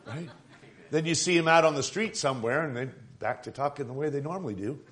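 A man's voice: on the high side, quick pace, fairly bright tone, some chatter behind. A male pastor giving an emphatic evening sermon, repeating phrases and asking his congregation "right?".

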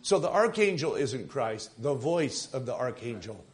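A man preaching a sermon, stressing phrases with swings of loudness and calling out questions to the congregation. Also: mid-range voice, very animated, moderate pace. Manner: emphatic, rising and falling for emphasis, calls out to the congregation.

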